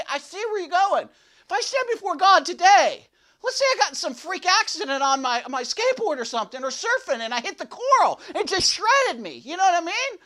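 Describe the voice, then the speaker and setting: A man's voice: very high-pitched, fairly bright tone, exaggerated voice. A man playing a boastful, goofy young slacker in a comedic devotional monologue, rambling and repeating himself to grab attention. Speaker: devotional speaker.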